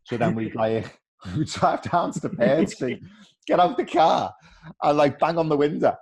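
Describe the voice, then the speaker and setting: A middle-aged man, a former footballer telling animated stories in a casual interview and acting out the voices of others. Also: on the high side, measured pace, husky.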